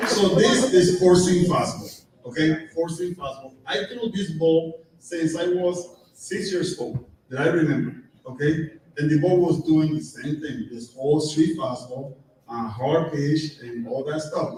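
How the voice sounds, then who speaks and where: A middle-aged man telling lively stories to a live audience, laughing often and acting out dialogue. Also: a little high, a little hiss or hum. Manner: animated, laughing storyteller, acts out dialogue. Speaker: guest speaker at a live fan event. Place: event hall with audience. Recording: very echoey hall, voice far from mic.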